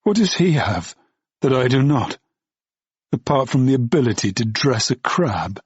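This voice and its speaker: Husky, brooding male audiobook narrator. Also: mid-range voice, very animated, a little slow, no echo, highs cut off. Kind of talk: first-person audiobook narration.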